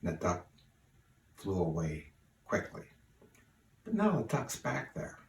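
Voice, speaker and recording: An older man sharing memories of his cousin in an unhurried, folksy way with plenty of fillers, recorded at home. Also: low voice, huge pitch swings, vocal fry, darkish tone. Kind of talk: spoken remembrance. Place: room at home. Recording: roomy, distant mic, faint hiss.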